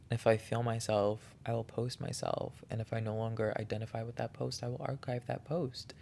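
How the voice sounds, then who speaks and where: A man hosts a reflective solo podcast, speaking earnestly, warmly and encouragingly while often restarting his sentences. His mid-range voice is gravelly and mellow, with a little hiss or hum.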